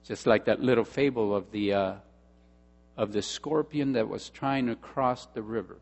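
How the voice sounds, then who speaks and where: A male pastor preaching a sermon, emphatic, with dramatic pauses and repetition, in a church hall. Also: on the low side, gravelly, a little mellow. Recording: long hall reverb with mains hum.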